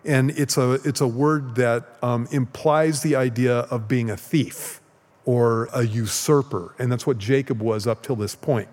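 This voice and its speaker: A man's voice: mid-range voice, steady tone, a little slow, darkish tone. A male pastor teaching the Bible in a casual, conversational way, often checking in with "okay?" as he goes. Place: church sanctuary. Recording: long hall reverb.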